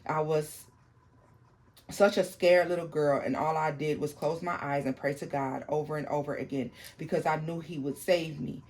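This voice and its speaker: A host reads out a viewer's paranormal account in a halting way, often restarting sentences and breaking off to explain them to the audience. The voice sits at a middle pitch. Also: steady tone, darkish tone. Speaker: tarot channel host. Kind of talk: reading a viewer's paranormal story aloud.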